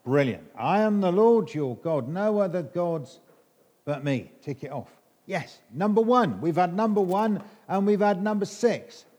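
A man's voice: high voice, expressive, unhurried, darkish tone. A middle-aged English man preaching an all-age sermon, quizzing children in a playful, teasing way.

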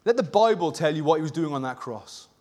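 A man preaching a passionate sermon, swinging between fervent, near-shouted emphasis and hushed intensity. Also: on the high side, animated, brisk. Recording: long reverb of a large hall.

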